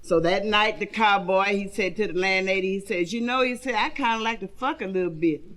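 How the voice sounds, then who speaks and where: A woman's voice: medium pitch, brisk, fairly bright tone. A woman stand-up comedian telling raunchy jokes, drawling through the stories and squealing when she acts out the characters, on a 1970s comedy record. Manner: bawdy, drawling storyteller with squealing acted voices.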